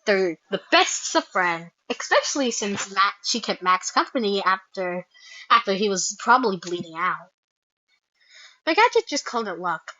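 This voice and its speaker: A woman reading a fan comic aloud and reacting, excitable and quick to squeal and laugh. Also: medium pitch, no room sound. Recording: slightly dull lo-fi mic.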